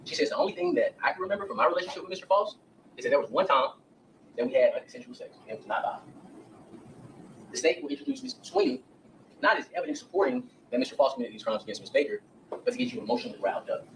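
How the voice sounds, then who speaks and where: Man, defense attorney, opening statement to jurors, quick delivery, somewhat high pitch, distant courtroom mic. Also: wildly swooping pitch, vocal fry, slight background noise. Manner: addresses jurors directly, acts out witness quotes.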